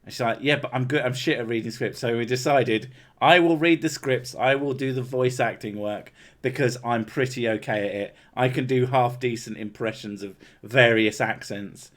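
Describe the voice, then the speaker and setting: A man's voice: mid-range voice, moderate pace, a bit bright. An English man hosting a livestream, chatting casually, swearing and joking with frequent laughs. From England. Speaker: livestream host. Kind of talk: casual chat.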